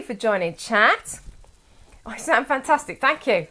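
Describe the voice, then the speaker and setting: A woman's voice: on the high side, animated, a little slow, sharp tone. A woman from England chatting casually on a live stream from home, rambling and reading chat aloud.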